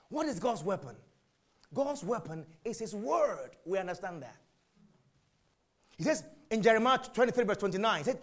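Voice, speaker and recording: A man preaching a sermon, asking and answering his own questions, jumping from shouts to whispers. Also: high voice, moderate pace. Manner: animated, swings from shouts to whispers.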